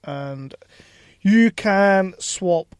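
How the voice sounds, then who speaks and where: A man's voice: high voice, expressive, drawn-out words, clear, resonant tone, dry recording. A man co-hosting a casual podcast, reading quiz questions aloud and teasing his co-host with plenty of swearing. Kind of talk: casual chat. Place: small home studio shed.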